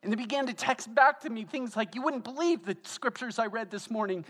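A man preaching as the pastor of a church, emotional and tearful, building to loud, fervent delivery. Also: extremely high pitch, a little fast. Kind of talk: sermon. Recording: long church hall reverb.

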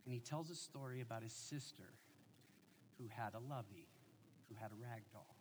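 A man in his forties preaching a sermon as a pastor, telling family stories in an animated, joking way. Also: mid-range voice, moderate pace, slight background noise.

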